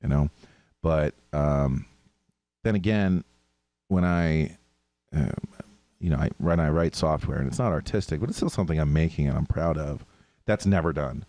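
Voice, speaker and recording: This podcast co-host has an extremely low voice and speaks at a moderate pace with long pauses. He chats casually, tells stories animatedly, and laughs often, with no room sound in the recording.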